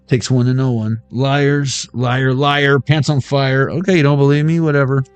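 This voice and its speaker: A man's voice: mid-range voice, steady tone, measured pace, clean tone, dry recording, soft background music. A man giving a casual, rambling intuitive tarot reading, free-associating words aloud and laughing often. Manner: rambling, word-associating, laughs often, sings snatches of old songs. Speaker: tarot reader.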